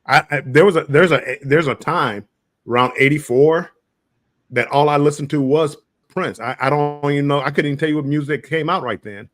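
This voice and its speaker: A man's voice: on the high side, fairly bright tone. An American man telling travel stories in a casual livestream chat, often repeating his words as he starts. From United States. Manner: halting, repeats words, chuckling storyteller. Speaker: guest.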